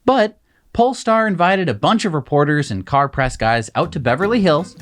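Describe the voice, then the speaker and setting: A man co-hosting a casual news chat, expressive and mocking. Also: on the high side, moderate pace, faint music behind. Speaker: co-host.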